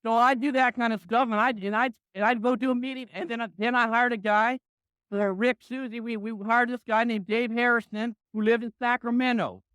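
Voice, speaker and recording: A man's voice: extremely high pitch, steady tone, brisk, fairly bright tone, clean tone, dry recording. A man in his sixties giving a blunt, punchy motivational talk to a business crowd, often tossing in "right?".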